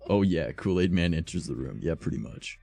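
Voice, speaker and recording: A man streaming while reading fan fiction aloud, adding profane, deadpan asides in a slightly sore voice. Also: extremely low pitch, a little fast, vocal fry, no room sound, faint music behind.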